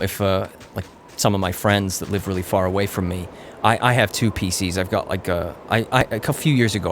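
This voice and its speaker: A young man streaming a game, chatting casually, reading viewer comments aloud and swearing at the action. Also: a bit bright. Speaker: gaming streamer. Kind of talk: casual live-stream chat while playing. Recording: noisy low-quality stream audio.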